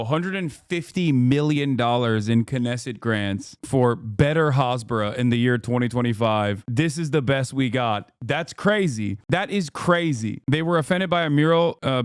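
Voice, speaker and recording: A man's voice: mid-range voice, clear, resonant tone, no echo, clean studio sound. A man hosting a live stream, giving heated, rambling commentary full of profanity and restarts. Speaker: streamer host.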